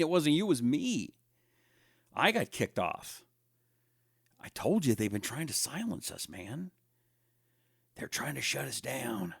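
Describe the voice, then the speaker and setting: A man's voice: medium pitch, vocal fry, dry recording, clean studio sound. A middle-aged man hosting a casual live-stream talk show, rambling, joking and reading out viewer comments. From Washington State, USA.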